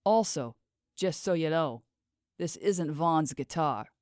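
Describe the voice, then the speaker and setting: A man's voice: a little high, expressive, unhurried, a little mellow, no room sound, clean studio sound. A woman voicing a carefree young backpacking musician in his twenties who talks in a breezy, teasing way, in a storybook reading. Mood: easygoing. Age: 20s.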